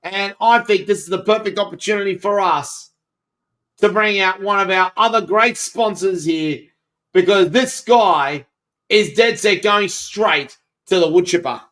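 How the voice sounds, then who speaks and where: A man's voice: sits high, a little slow, fairly bright tone. An Australian man co-hosting a comedy podcast, telling news stories with wry asides. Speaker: podcast co-host.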